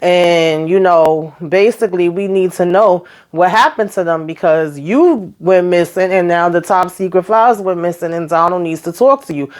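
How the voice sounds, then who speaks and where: A woman's voice: fairly low pitch, a little mellow. A woman hosting her own recap channel, chatting casually and folksily, calling her listeners child and honey and acting out the characters' lines. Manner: acts out the characters' lines in quick voices.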